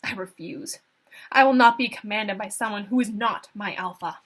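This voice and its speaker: A woman voicing a defiant captive young woman who loudly refuses her werewolf captors. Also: medium pitch, moderate pace, natural voice. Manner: loud, defiant declarations.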